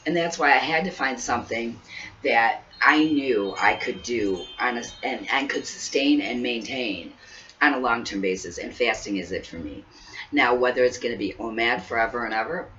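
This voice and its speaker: A woman's voice: extremely low pitch, fairly bright tone. A woman in her fifties chatting earnestly to camera as a vlogger, repeating herself and laughing briefly now and then, seated indoors. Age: 50s. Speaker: weight-loss vlogger. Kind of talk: casual talk to camera. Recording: distant mic, dull lo-fi sound, faint hiss.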